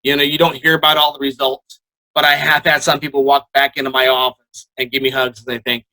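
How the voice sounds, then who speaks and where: Bright-voiced, earnest male guest. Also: medium pitch, fairly quick, rough recording. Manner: earnest, animated storytelling. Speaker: guest, dental technician. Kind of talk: casual interview conversation.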